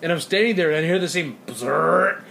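Lively, animated young man telling a story. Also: a little high, brisk, vocal fry, slight background noise. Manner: animated storytelling, swears a lot, laughs often. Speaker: podcast co-host. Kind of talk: casual chat.

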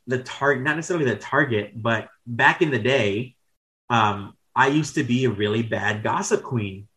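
A man's voice: mid-range voice, normal speed, sharp tone, poor audio. A man in his thirties telling candid, rambling stories as a podcast guest, with casual swearing and self-corrections. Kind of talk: casual storytelling chat.

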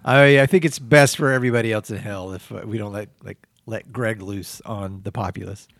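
A man's voice: on the low side, brisk, vocal fry, a bit bright, no room sound, studio quality. A male podcast host in comedy banter, the wry, exasperated straight man who laughs often.

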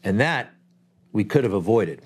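A man's voice: lowish voice, lively intonation, normal speed, slightly rough. A man hosting a political commentary show, delivering a blunt, conversational monologue full of rhetorical asides. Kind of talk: opinionated talk show monologue.

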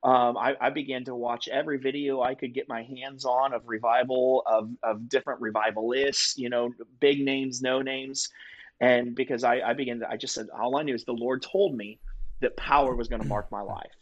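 A man's voice: medium pitch, steady tone, normal speed, highs cut off. A man as a podcast guest, telling a personal faith story in an earnest, vivid conversational way. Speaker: guest telling his testimony.

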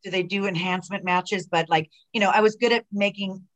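A middle-aged woman, a retired wrestler, chatting as a guest in an interview and telling animated stories with lots of fillers and acted-out quotes. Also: mid-range voice, a little fast. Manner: animated storyteller who acts out quoted dialogue, many fillers and restarts. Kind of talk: casual interview chat.

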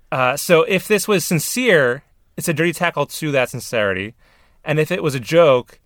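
A man's voice: on the high side, a bit bright, no room sound. Podcast host guy, stammers and restarts a lot, dry close sound. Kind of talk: casual chat.

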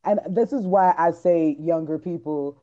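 A woman's voice: fairly low pitch, unhurried, dark tone, highs cut off. A woman in her thirties hosting a podcast, chatting candidly with frequent laughter and swearing. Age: 30s. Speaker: podcast host. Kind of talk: casual chat.

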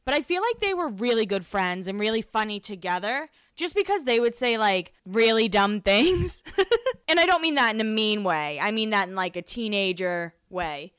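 A chatty woman hosts a casual recap show, talking loosely with plenty of "like" fillers. Her voice is smooth and resonant. The recording is close and dry, with no room sound. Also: medium pitch, lively intonation, moderate pace, fairly bright tone, no room sound. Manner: chatty, lots of "like" fillers, self-deprecating. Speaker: podcast host recapping a reality show. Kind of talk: casual chat.

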